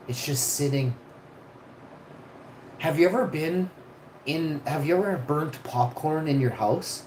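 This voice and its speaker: Rambling, swearing man vlogger in an echoey room. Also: fairly high pitch. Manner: rambling, swears freely, gets loud and laughing when excited. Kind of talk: casual live-stream storytelling. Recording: echoey room, faint ambient noise.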